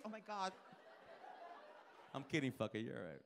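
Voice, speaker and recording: A male stand-up comedian doing a live club set, profane and animated, acting out characters and bursting into loud shouts. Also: medium pitch, normal speed, gravelly, pauses often, some chatter behind, a little hiss or hum. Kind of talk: live stand-up with crowd work.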